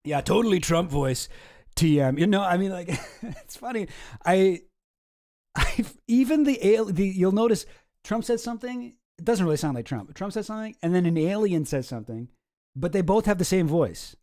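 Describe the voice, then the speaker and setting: Mellow, wry, rambling male commentator. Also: high-pitched, animated, moderate pace, dry recording, studio quality. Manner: rambling, self-interrupting, wry. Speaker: YouTube commentary host. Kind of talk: casual comedic commentary.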